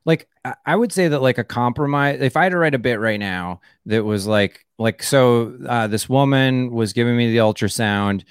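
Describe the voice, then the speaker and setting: A man's voice: medium pitch, normal speed, hardly any pauses, smooth, dry recording, studio quality. A man, a comedian guest on a casual podcast, rambling, full of "like" and restarts.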